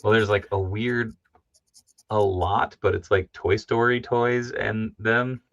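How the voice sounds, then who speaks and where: A man hosting a livestream, chatting casually about toys in a rambling, excitable way and laughing often. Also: on the low side, takes it slowly, creaky, dry recording. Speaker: livestream host. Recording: dull lo-fi stream audio.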